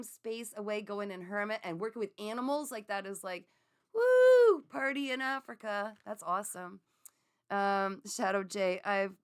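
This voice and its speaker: A middle-aged woman hosting a live-streamed card reading, chatting with viewers in an animated way and laughing often. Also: medium pitch, clean tone. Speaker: psychic reader.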